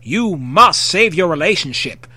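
Guy doing a mysterious bodiless voice, urgent, bright and lively. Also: fairly high pitch, unhurried, slightly rough, heavily acted. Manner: urgent, earnest. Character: mysterious disembodied voice, urgent but kind.

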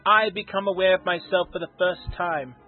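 A man with a husky voice reading as a newly self-aware male war machine in a story, precise and matter-of-fact, on a tinny recording. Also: high-pitched, fairly even intonation, normal speed, faint music behind. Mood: earnest.

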